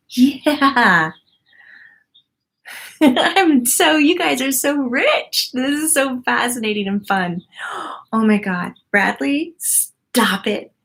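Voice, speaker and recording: A woman in her forties hosting a live stream, reading viewer comments aloud and gushing over them with wonder and frequent laughter. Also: mid-range voice. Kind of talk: casual live-stream chat.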